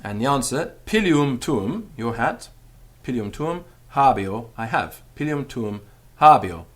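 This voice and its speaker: A male teacher talks through a grammar lesson at an unhurried, deliberate pace. His voice rises and falls a lot, and he repeats each phrase slowly so it sinks in. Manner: slow, patient drilling with repeated example phrases; lively rising and falling pitch. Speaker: Latin teacher. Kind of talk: spoken language lesson.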